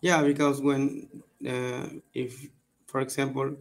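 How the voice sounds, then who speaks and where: A man's voice: medium pitch, little pitch movement, slow, creaky. A man, learning English on a video call, hesitant and searching for his words. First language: Spanish. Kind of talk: online English lesson.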